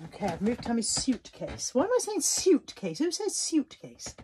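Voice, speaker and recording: A woman's voice: on the high side, huge pitch swings, normal speed, dark tone, a little hiss or hum. A middle-aged woman, chatting casually and mocking herself as she talks to the camera in a vlog. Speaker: vlogger.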